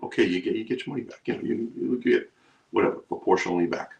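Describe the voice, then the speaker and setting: A man's voice: fairly low pitch, fast, vocal fry, a little mellow. A man hosting a live stream for his trading group, talking emphatically and repeating himself. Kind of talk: live stream sales pitch.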